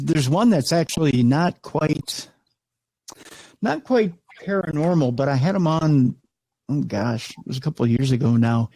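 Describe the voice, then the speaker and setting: A man's voice: fairly high pitch, gravelly, no room sound, low-quality recording. A middle-aged man, a radio host, telling stories in an interview with many restarts, acting out the people he quotes. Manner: animated, many restarts, acts out quoted voices. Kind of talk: casual interview storytelling.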